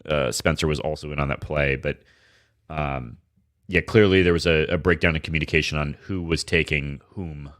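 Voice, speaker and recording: Deep-voiced guy co-hosting a sports podcast, bright tone, laid back and swears a lot. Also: fairly even intonation, moderate pace. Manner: laid-back, profane, rambling with restarts. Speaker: podcast co-host. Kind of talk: casual sports podcast chat.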